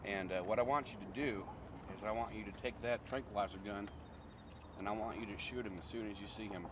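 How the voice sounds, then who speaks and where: A man's voice: fairly low pitch, steady tone, a little fast, recorded from a distance, background noise, lightly acted. A man playing a bumbling wildlife expert in a comedy sketch, rambling and stammering in a folksy way, recorded outdoors. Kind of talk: improvised comedy sketch acting.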